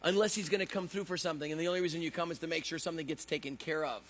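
A man preaching a lively, joking sermon who acts out voices in his stories. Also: fairly high pitch, racing, slightly rough. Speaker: pastor. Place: church service.

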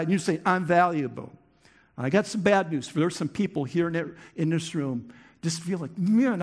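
A man preaching a sermon, swinging from loud impassioned peaks to quiet, earnest lows, often restarting phrases. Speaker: pastor. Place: church.

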